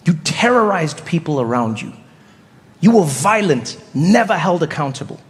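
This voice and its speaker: A man doing stand-up comedy, telling animated stories and jumping into character voices. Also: a little high, moderate pace, in a large hall.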